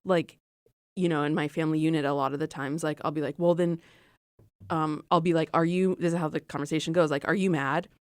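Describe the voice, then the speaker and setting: A young woman with a notably low voice hosts a relaxed podcast chat. She talks in quick, chatty bursts. The sound is dry and close to the mic. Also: clean tone, dry recording. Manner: chatty, quick asides, laughs easily. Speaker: podcast host. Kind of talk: casual chat.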